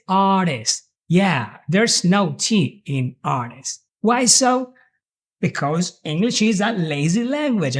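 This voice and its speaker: A young man teaching an online English lesson, drilling phrases slowly and then at full speed. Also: high-pitched, husky.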